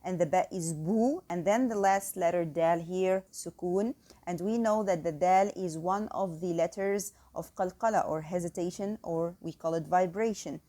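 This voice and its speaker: A woman teaching tajweed in English, explaining each rule and then reciting the words slowly and carefully to show the right sounds. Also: on the low side, dark tone. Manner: slow, careful demonstration of Arabic sounds, counting out elongations. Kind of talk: tajweed lesson with recited examples.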